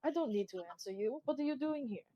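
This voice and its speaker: A woman's voice: sits high, animated, quick pace, warm tone, highs cut off, a little hiss or hum, pitched above the performer's own voice. A woman voicing a flamboyant, scornful male bird pirate in a tabletop game. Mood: dismissive. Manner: mocking, dismissive.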